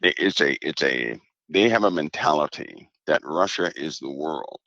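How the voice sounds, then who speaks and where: A man with an extremely low, gravelly voice speaks as a guest, steady and emphatic. He repeats his key points for weight. The sound is dry and a little dull. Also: moderate pace, no room sound. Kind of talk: casual talk on a show.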